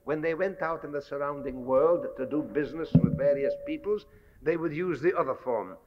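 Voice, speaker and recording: A man giving a measured, scholarly public lecture, pausing often with fillers. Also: on the high side, heavy background noise. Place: lecture hall. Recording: dull archival 1960s lecture recording with long hall reverb.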